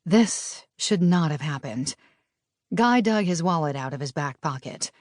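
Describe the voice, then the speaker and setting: A woman with a low voice narrates an audiobook, brisk and lively in her storytelling. The recording is dry and close, with no room sound. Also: no room sound.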